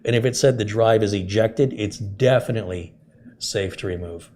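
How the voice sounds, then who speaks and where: A man's voice: fairly low pitch, moderate pace, dark tone, a little hiss or hum. A man hosting a live tech stream, chatting with viewers, reading out their messages and explaining fixes step by step. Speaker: tech channel host. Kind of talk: live-stream chat, answering viewer questions.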